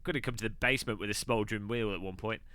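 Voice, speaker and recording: A man's voice: lowish voice, bright, forceful tone, clean tone, dry recording. A man chatting casually and rambling on a live stream while sim racing. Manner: chatty, rambling, quick asides.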